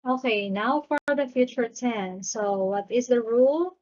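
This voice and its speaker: Woman teacher, slow patient drilling, repeats words twice, higher voice, dull lo-fi sound. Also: a little mellow. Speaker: language teacher. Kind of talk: grammar lesson with slow drilled repetition.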